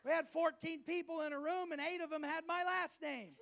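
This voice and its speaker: A male pastor preaching a sermon at a church service, lively and humorous, often acting out the voices of people he quotes. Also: very high-pitched, brisk, gravelly, few pauses.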